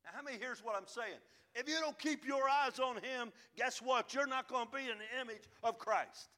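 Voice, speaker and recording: Man, preacher, sermon, high voice, bright tone, fervent, loud peaks and low asides. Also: normal speed. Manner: fervent, rising to loud emphatic peaks then dropping low.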